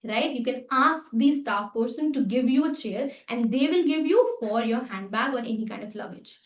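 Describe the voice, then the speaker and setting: A woman with an Indian English accent teaches table etiquette in a fairly high voice. She explains each step patiently and repeats short phrases as she shows them. Her voice sounds distant in a reverberant room. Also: expressive, normal speed. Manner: instructive, repeats phrases while demonstrating. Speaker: etiquette trainer. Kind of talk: workshop lesson with demonstrations. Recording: echoey room, mic at a distance.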